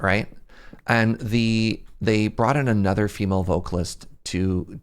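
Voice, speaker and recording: His voice is on the low side with a clean tone and an unhurried pace. A young Canadian gaming on a livestream, he chats casually, rambles, and frequently laughs at himself.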